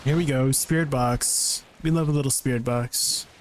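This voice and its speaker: A male streamer chatting casually over his game, playful and quick to laugh. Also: medium pitch, slight background noise. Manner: playful, giggly, excitable chatter.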